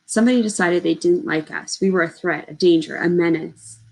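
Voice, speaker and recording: A woman reading the lines of a young boy's ghost, speaking plainly and earnestly in a lowish voice. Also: brisk, gravelly, a little mellow. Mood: haunted, earnest. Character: young Black boy ghost, earnest, shaken.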